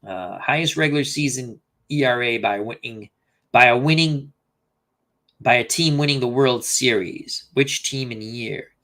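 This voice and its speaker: A man's voice: mid-range voice, measured pace, sharp tone. A man hosting a casual live stream, thinking aloud and reading out viewer comments. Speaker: host.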